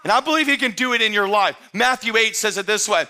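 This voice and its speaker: A man preaching a sermon as pastor, talking straight to his church in a conversational way and often rising to emphatic, shouted excitement. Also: high voice, quick pace, few pauses. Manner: conversational, addresses the congregation directly.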